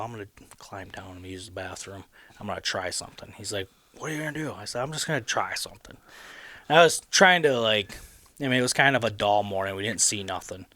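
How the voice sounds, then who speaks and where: A man with a Midwestern American accent hosting a podcast, telling a rambling story in casual chat with frequent restarts. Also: deep voice. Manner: rambling, animated retelling with many restarts. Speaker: podcast host.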